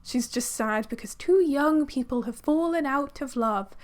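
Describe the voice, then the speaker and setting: A woman's voice: high-pitched, measured pace, a little mellow. A young woman reviewing a book in a chatty, sarcastic way, with lots of fillers. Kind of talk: casual book review vlog.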